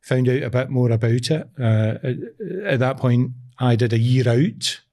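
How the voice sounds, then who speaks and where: A man's voice: medium pitch, fairly even intonation, normal speed, warm tone. A middle-aged Glaswegian man speaking as a guest in a casual interview, hesitating and restarting his sentences. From Scotland. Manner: hesitant restarts with many uh fillers. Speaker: guest, construction commercial director.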